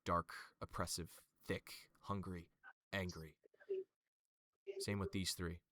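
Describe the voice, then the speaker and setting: A man's voice: low voice, level tone, slow, bright, forceful tone, no room sound. A man narrating as game master in a tabletop game, describing scenes with many fillers.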